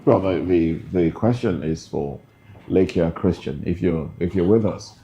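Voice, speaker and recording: A man hosting a live discussion, asking measured questions and repeating them slowly. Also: deep voice, dark tone, highs cut off, slight background noise. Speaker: host.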